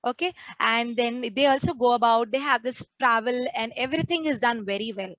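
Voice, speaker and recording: A woman's voice: a little high, fairly quick, fairly bright tone, dry recording, muffled recording. A woman, a nun preaching a sermon to a prayer group and acting out the complaints she quotes. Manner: earnest, acts out quoted complaints.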